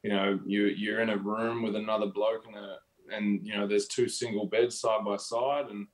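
Low, flat-voiced Australian man. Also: moderate pace, rough recording. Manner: rambling, full of "you know" fillers. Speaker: guest. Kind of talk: casual interview.

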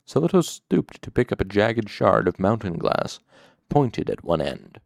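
A man reading a fantasy novel aloud as an audiobook narrator, measured and steady. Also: low voice, gravelly, no room sound.

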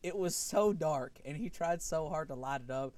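A man's voice: a little high, normal speed, a little hiss or hum. A young man co-hosting a podcast, telling stories in casual chat and laughing often. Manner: animated storytelling, laughs often. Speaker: podcast co-host.

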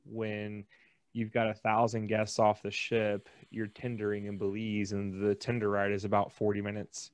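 A man co-hosting a casual podcast, an animated storyteller who acts out the people in his stories. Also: lowish voice, normal speed, clean tone, no echo. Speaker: podcast co-host. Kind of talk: casual chat.

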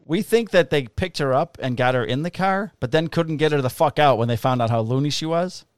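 A man's voice: a little high, fairly quick, clean tone, no echo, studio quality. A man, a police officer, telling a rowdy work story in casual chat, swearing freely and acting out the people he quotes. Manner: profane, animated, acts out voices in quotes.

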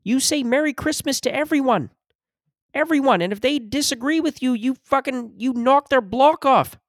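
A man doing an impression of a stern older lecturer, preaching with slow, drawn-out emphasis. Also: very high voice, dry recording, studio quality, voice pushed up. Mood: lecturing.

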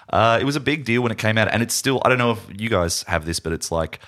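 A man's voice: on the low side, fast talker. A man co-hosting a film podcast, chatting casually and laughing, slipping into silly impressions. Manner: animated, laughing, does silly accent impressions. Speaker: podcast co-host. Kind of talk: casual chat.

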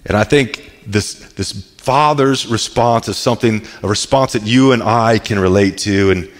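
A man's voice: fairly low pitch, normal speed. A man in his thirties preaching a casual, conversational sermon, often repeating words as he restarts his sentences. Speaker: pastor. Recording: echoey hall.

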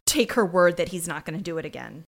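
A woman's voice: lowish voice, expressive, quick pace, creaky. Indignant woman podcast co-host. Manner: indignant, opinionated commentary. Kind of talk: casual recap chat.

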